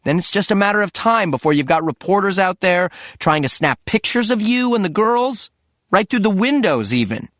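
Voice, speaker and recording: A man's voice: sits high, lively intonation, normal speed, fairly bright tone, no room sound, clean studio sound, pitched above the performer's own voice. Narrator playing an irritable, curt father, lifted voice, audiobook role. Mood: irritated. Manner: curt and impatient. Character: grown man, a tense, irritable father.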